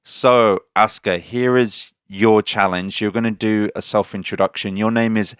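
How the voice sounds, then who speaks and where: Upbeat low-voiced male podcast host. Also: steady tone, moderate pace, a bit bright, clean tone, no room sound, clean studio sound. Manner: upbeat, jokey, stumbles over words. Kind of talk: casual language lesson chat.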